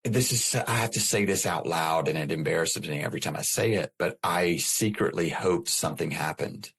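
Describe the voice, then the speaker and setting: A man's voice: low voice, normal speed, gravelly, fairly bright tone, breathy edge. A middle-aged man, a podcast guest, telling his personal story in an earnest way, often repeating and restarting his phrases.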